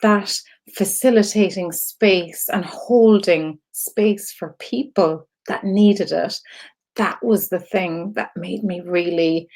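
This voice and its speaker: A woman's voice: medium pitch, slow pace, darkish tone. Candid, rambling Irish woman host. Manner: candid and rambling, with frequent fillers and restarts. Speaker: host of an online community show. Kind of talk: casual heartfelt storytelling to viewers.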